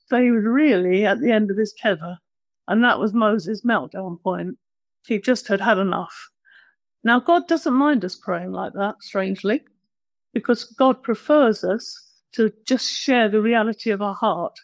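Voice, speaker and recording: A woman's voice: mid-range voice, a little slow, no echo. A woman preaching a conversational sermon, plain-spoken and self-deprecating.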